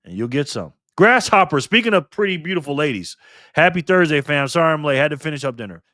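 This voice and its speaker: This Nevada live streamer has a fairly high, sharp-toned male voice with big pitch swings, and he talks fast. The dry, studio-quality recording catches him reading chat messages and bantering cheerfully with viewers.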